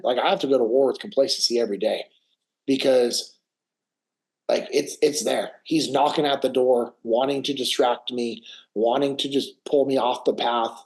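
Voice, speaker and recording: A man's voice: mid-range voice, low-quality recording. A middle-aged man, a former Navy SEAL, talking as a podcast guest in a casual interview, telling stories animatedly and dropping "bro" and "man" constantly. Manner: animated storyteller peppering speech with "bro" and "man".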